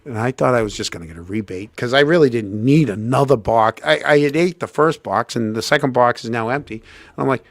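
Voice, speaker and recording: This podcast host spins a lengthy yarn in a chatty style, voicing each quoted line with dramatic leaps in pitch. He talks briskly, and the recording is dry.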